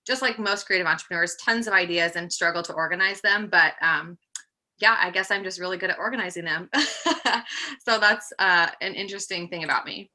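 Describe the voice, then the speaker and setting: A woman's voice: fairly low pitch, fairly quick, sharp tone. A woman in her thirties, slightly out of breath, presenting casually on a video call with an upbeat, chatty manner and frequent ums. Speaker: guest presenter, project manager. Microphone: computer mic on a video call.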